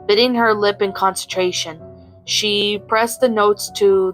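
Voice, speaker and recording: A woman narrating a fan fiction story in an even, unhurried way, with small slips now and then. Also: medium pitch, faint music behind, rough recording.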